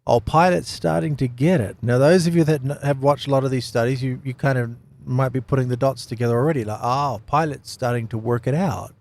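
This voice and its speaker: A man giving an unscripted Bible study talk, animated, with lots of rhetorical questions and repeated phrases. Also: medium pitch, fast, creaky, hardly any pauses. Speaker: Bible teacher.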